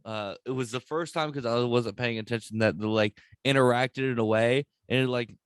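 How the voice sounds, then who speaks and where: A young man hosting a podcast in casual chat, excitable and profane, rambling with lots of restarts. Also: medium pitch, moderate pace, clean tone, no room sound.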